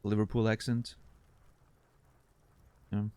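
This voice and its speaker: A man streaming a game, chatting casually with a deadpan sense of humor and thinking out loud. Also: fairly low pitch, slow, smooth, no echo. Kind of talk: casual gameplay commentary.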